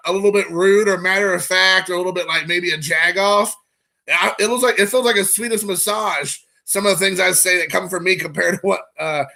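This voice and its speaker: Casting: rambling, excitable male streamer, gravelly edge, bright tone, chatting to viewers. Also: sits high. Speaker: card collecting channel host. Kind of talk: casual live stream chat.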